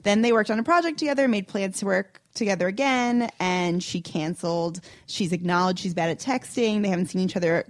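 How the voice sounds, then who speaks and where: A woman on a dating podcast reads a listener's letter aloud at an easy, relaxed pace. Her voice is mid-pitched and close to a dry mic. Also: fairly quick, hardly any pauses, no room sound. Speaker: podcast co-host. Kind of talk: casual podcast chat, reading listener questions.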